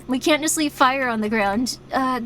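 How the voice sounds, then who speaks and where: A woman streaming a game, talking in a chatty, playful way, easily startled and soft when guiding a breathing exercise. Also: high voice, normal speed, a little hiss or hum. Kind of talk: casual game commentary.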